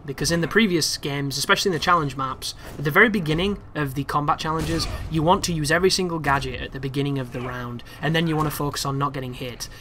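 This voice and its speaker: A young man talks over his gameplay in a casual, rambling walkthrough. His voice sits a little high and sounds bright and forceful. He gets excitable and swears freely as he chats to his viewers. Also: fast, few pauses, a little hiss or hum. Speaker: gameplay commentator. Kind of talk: casual game walkthrough commentary.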